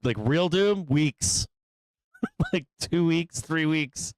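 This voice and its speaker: A man's voice: fairly high pitch, takes it slowly, dry recording. Swearing, laughing male trading host. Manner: profane, laughing, playfully mocking. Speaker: live trading stream host. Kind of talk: casual live market commentary.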